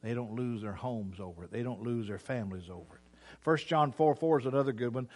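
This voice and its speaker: An older man preaching a sermon, folksy and teasing, moving between quiet asides and loud preaching. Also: mid-range voice, a little fast. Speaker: pastor.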